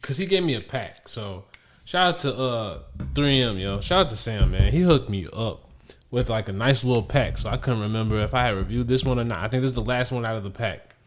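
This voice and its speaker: A man's voice: mid-range voice, a little fast. A man hosting a podcast in laid-back, slangy casual banter. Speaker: podcast host. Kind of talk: casual chat.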